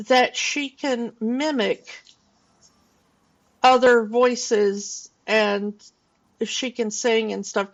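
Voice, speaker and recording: A woman's voice: mid-range voice, dull audio. A woman in her forties, co-hosting a casual film podcast and rambling loosely with plenty of fillers and restarts. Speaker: podcast co-host.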